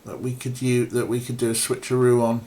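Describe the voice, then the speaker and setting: A man's voice: medium pitch, little pitch movement, a little fast, mellow, a little hiss or hum. A young man streaming an old adventure game, giving sarcastic, swearing commentary. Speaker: let's play streamer. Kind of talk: casual gameplay commentary.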